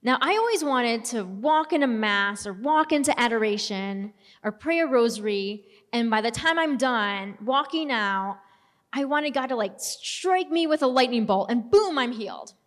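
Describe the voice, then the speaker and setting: A woman's voice: a little high, expressive, moderate pace. A young adult woman giving an earnest personal faith testimony in a conversational storytelling manner. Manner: earnest, conversational, reenacts dialogue. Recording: long hall reverb.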